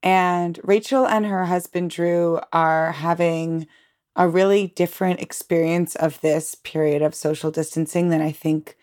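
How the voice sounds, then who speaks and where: A woman's voice: on the low side, steady tone, measured pace, a little mellow. A woman podcast host in casual chat, talking in a chatty way with many fillers and frequent laughs.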